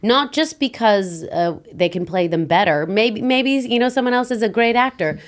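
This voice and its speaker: A woman's voice: a little high, moderate pace. A woman from Canada, a podcast guest, chatting casually with frequent laughs and rambling restarts. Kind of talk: casual chat.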